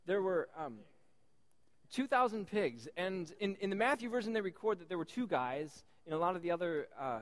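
A man giving a lively sermon to a young group, retelling a Bible story with incredulous asides and laughs. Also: high-pitched, normal speed.

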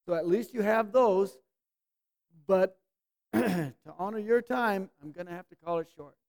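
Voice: medium pitch, unhurried, darkish tone. A preacher delivering a sermon, emphatic, drawing words out and pressing the listeners with rhetorical questions.

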